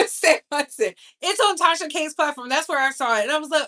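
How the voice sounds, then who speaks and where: A slightly high-voiced woman with a bright, sharp tone dishes celebrity gossip in casual live-stream chat, doing most of the talking. Her delivery is sassy and chatty, speeding up and slowing down to emphasize points, drawing some words out and hurrying past others.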